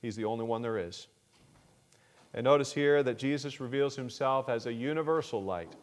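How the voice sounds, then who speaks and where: A man preaching a sermon, reading scripture aloud and rising in pitch and volume on key phrases. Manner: deliberate, measured delivery with fillers. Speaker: pastor.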